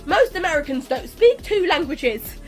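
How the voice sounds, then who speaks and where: A woman's voice: very high voice, big pitch swings, moderate pace, soft background music. A young woman from Palestine speaking to camera in a sassy, lecturing way, firing rhetorical questions at the listener. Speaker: video creator. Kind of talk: speaking to camera over a speedpaint.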